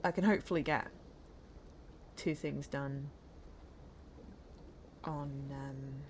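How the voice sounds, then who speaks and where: A woman's voice: very deep voice, steady tone, slow pace, darkish tone, a little hiss or hum. An English woman streaming herself playing a game, chatting in a rambling way that keeps interrupting itself. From northern England. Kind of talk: casual chat while playing a game.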